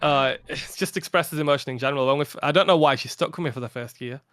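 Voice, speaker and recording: A tired young man chatting casually on a podcast about his gaming channel, rambling with frequent laughs and a slightly flat delivery. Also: mid-range voice, fast talker, no echo, clean studio sound. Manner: rambling, laughs often, a little flat from fatigue. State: tired after a long day. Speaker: podcast guest, content creator.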